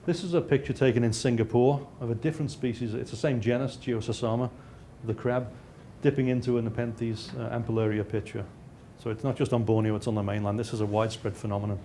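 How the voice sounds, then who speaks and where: A man's voice: on the low side, steady tone, fairly quick, few pauses, warm tone, a little hiss or hum. A male researcher giving a slide lecture, with frequent restarts and dry, self-mocking asides.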